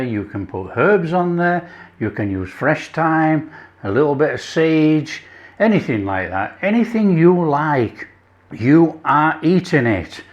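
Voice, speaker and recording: An Englishman hosting a cooking channel, tasting his food with enthusiastic chuckles and savoring sounds. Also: a little high. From England. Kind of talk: casual cooking vlog with tasting.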